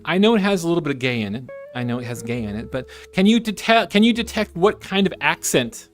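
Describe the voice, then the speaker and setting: A man's voice: on the high side, sing-song, fast, soft background music. A man streaming casually while he draws, chatting in a playful, rambling way and slipping into silly voices.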